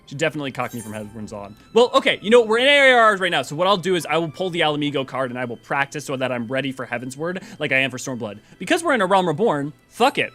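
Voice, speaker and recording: A man's voice: on the high side, sing-song, quick pace, bright, forceful tone, soft background music. A man hosting a game lore stream, chatting casually and rambling in a self-deprecating way while reading a story. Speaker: lore channel host.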